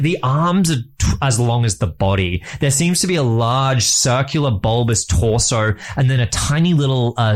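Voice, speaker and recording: A man running a tabletop game as game master, describing scenes in a rambling, halting way with fillers. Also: medium pitch.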